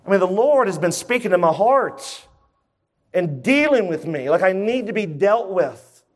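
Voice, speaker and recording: High-voiced man preaching emphatically. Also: animated, normal speed. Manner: emphatic, conversational preaching with rhetorical questions. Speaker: pastor. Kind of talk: sermon.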